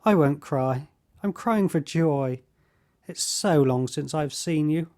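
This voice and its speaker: Guy reading as a choked-up gentle mom, slightly high voice, slow. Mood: tearful. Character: grieving tender mother, woman.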